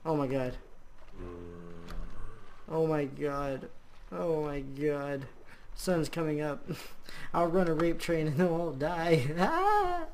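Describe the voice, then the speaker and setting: A man giving casual let's-play commentary while gaming, excitable, often exclaiming and swearing, with frequent laughter. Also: fairly high pitch, slow, pauses often. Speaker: gaming video host. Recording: clear background noise.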